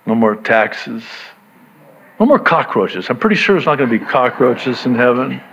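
A man preaching a sermon to his church, swinging from hushed reflection to excited emphasis, with joking asides. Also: mid-range voice, moderate pace, slight background noise. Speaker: pastor. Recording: dull lo-fi sound.

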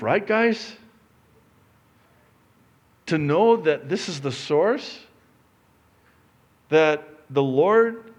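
A middle-aged man preaching a sermon, moving between loud emphatic lines and quiet asides. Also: muffled recording. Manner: animated, swings from loud preaching to low asides. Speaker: pastor.

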